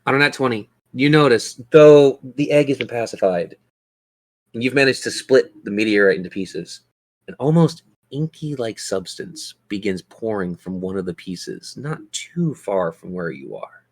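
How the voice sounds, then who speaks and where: A low-pitched man runs a tabletop game as its game master. He narrates scenes dramatically and describes events, speeding up and slowing down as he goes. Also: animated.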